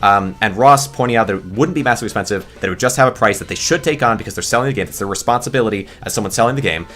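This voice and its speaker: A man's voice: lowish voice, rapid-fire, fairly bright tone, soft background music. A man creating gaming videos, ranting off the cuff in a rambling, exasperated way, full of restarts and fillers. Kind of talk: off-the-cuff commentary rant.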